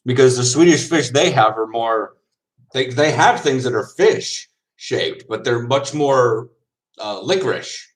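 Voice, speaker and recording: A man's voice: mid-range voice, lively intonation, a little slow, low-quality recording. A man from the United States chatting casually as a vlogger, wry and sarcastic. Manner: wry, sarcastic, laughs often. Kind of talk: casual chat.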